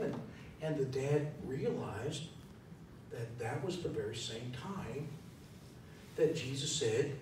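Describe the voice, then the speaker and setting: Conversational preacher in an echoey church. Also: male voice, expressive, slow, long pauses, a little mellow. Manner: conversational, thinking aloud, asks the congregation questions. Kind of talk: sermon. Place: church sanctuary. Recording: echoey hall from far off, faint rumble.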